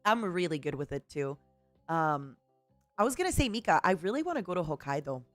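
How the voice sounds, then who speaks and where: A woman streamer chatting casually over drinks, expressive and jumping into excited highs. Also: a little fast, no echo, soft background music.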